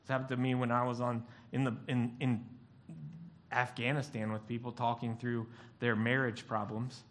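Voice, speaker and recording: A man's voice: medium pitch, moderate pace. A male pastor giving a sermon, telling stories and acting out the voices of the people in them. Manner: animated storytelling, acts out voices.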